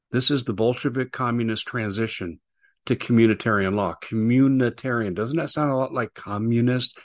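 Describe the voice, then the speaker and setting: A man hosts a talk show with a husky, slightly low voice. He delivers his opinion monologue emphatically and mockingly, slowing down to hammer key points. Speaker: political talk show host.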